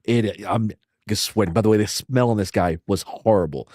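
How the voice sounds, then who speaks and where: A man casually telling profane, animated stories and acting out the quotes, as a podcast host. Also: fairly low pitch, moderate pace, no echo, clean studio sound. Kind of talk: casual storytelling.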